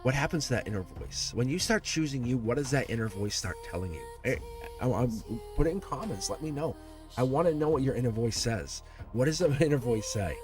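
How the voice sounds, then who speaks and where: A middle-aged man hosting a live tarot stream, rambling and animated, laughing often as he talks. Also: medium pitch, brisk, faint music behind.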